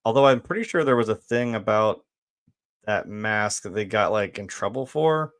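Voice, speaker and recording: A man giving a casual film review, laid-back and rambling, with lots of fillers, swearing and quick laughs. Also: lowish voice, animated, a bit bright.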